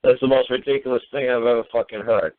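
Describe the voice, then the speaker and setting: A man's voice: mid-range voice, steady tone, fast. A man hosting a call-in radio show, ranting in an exasperated, profane way. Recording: tinny phone-line radio audio.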